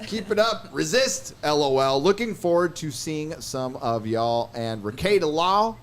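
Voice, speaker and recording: A man hosts a casual live panel, reading out viewer donations and laughing between them. His voice sits a little high and moves a lot. A loud crowd and heavy noise fill the background. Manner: animated, reads donations aloud and laughs often. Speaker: show host reading super chats. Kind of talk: casual livestream panel chat.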